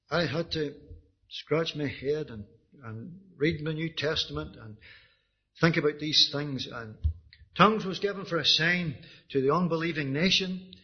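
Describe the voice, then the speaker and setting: A man's voice: fairly high pitch, husky. A man with a Northern Irish accent giving his personal testimony as a sermon, earnest and often restarting his words. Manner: earnest, with frequent restarts and repetitions. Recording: dull lo-fi recording.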